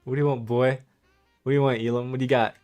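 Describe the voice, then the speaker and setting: A man's voice: mid-range voice, flat delivery, fast talker, a little mellow, faint music behind. A young man hosting a livestream, talking casually in a mocking, laughing, slangy way. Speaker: livestream host.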